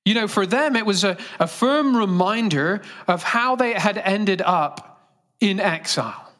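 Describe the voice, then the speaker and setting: A man's voice: high-pitched, animated, a little slow, a bit bright. A male pastor delivering a sermon earnestly, engaging the congregation with direct questions.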